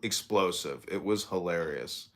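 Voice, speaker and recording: A man's voice: low voice, expressive, unhurried, fairly bright tone. A young man hosting a podcast in casual, profane, rambling chat, often laughing. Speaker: podcast host.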